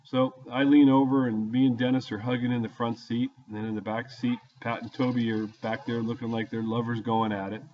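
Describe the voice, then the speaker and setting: A man's voice: mid-range voice, flat delivery, fairly quick, hardly any pauses. An older man casually telling a story from his youth in a folksy, plain-spoken way. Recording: dull lo-fi audio.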